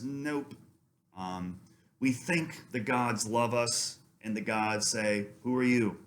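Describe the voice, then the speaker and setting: A man teaching a literature lesson in a casual, conversational way, reading passages aloud and pausing often with ums. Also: lowish voice. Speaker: literature lecturer. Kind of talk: casual lecture.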